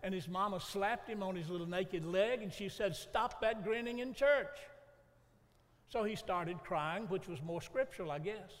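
Man, pastor, folksy preaching, high voice, reverberant church hall. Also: moderate pace, hardly any pauses. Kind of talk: sermon.

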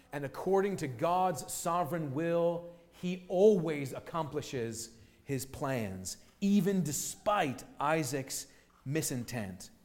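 A man preaching a sermon in an earnest, emphatic way, acting out the scripture he quotes. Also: a little high. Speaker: pastor.

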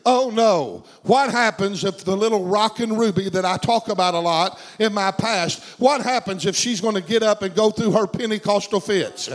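A man's voice: high-pitched, normal speed, few pauses, low-quality recording. A middle-aged man preaching a sermon, telling a story with fervent, repetitive phrasing. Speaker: pastor.

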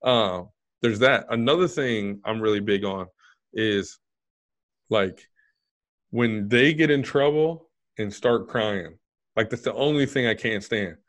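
A man in his thirties hosting a casual chat, blunt and freely swearing, getting animated when retelling stories. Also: on the low side, slow pace. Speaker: podcast host.

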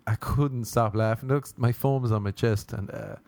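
A young man spins a rambling, profane story, laughter spilling through his words. His voice sits at an ordinary middle pitch, and the recording is close and dry, with no room around it. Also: fairly even intonation, moderate pace, creaky, darkish tone, no room sound. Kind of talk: casual anecdote.

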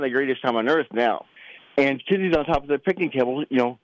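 A middle-aged father telling a family story in a casual, animated way, acting out the voices he quotes. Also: mid-range voice, a little fast, no echo, lo-fi sound. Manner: animated, acts out quoted voices, many restarts.

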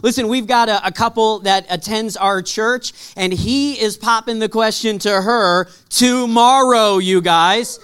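A man pastor giving a conversational, lively sermon to a church audience. He jokes with the room, then drops to a soft, low voice for weighty points. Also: unhurried, hardly any pauses, smooth. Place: church auditorium with live audience.

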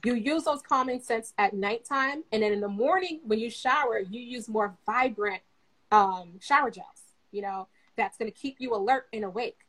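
Relaxed woman giving casual advice. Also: a little high, normal speed, low-quality recording. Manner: relaxed, conversational, many fillers. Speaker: guest therapist.

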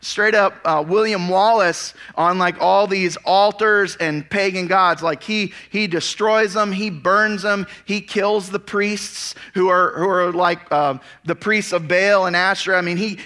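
Bright-voiced preaching man. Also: sits high. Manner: animated storytelling with casual asides; reads scripture aloud, then explains it. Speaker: pastor. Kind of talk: expository sermon.

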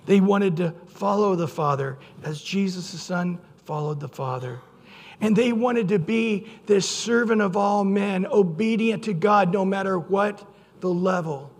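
A man preaching a sermon as pastor, earnest and storytelling, with sudden loud quoted outbursts. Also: high-pitched, measured pace. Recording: long hall reverb.

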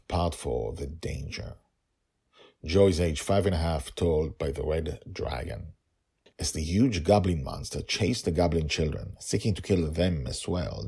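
A man's voice: low-pitched, creaky, darkish tone, husky. A man narrating a story and reflecting on it in an emotional, thoughtful way.

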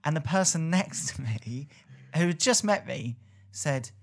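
This podcast co-host, a young man, has a slightly high, animated voice and takes his time. In casual chat he tells anecdotes as a wry storyteller with a dry, teasing sense of humour.

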